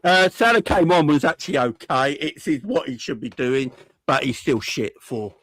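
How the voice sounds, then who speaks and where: A man's voice: mid-range voice, normal speed, no echo. A man, ranting jokily and heatedly as a football fan pundit on a match reaction show. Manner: animated, exasperated, jokey rants.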